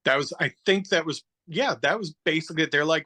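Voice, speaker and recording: Bright-voiced man hosting a podcast. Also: fairly high pitch, fast talker. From New Jersey. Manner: animated, joking, laughs often. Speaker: podcast host. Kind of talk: casual chat. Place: podcast studio.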